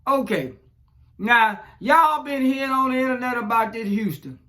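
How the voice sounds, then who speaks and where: A man's voice: extremely high pitch, animated, moderate pace, bright, forceful tone. A man, ranting profanely in casual commentary, chuckling and rambling as he goes. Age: 40s. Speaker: social media commentator.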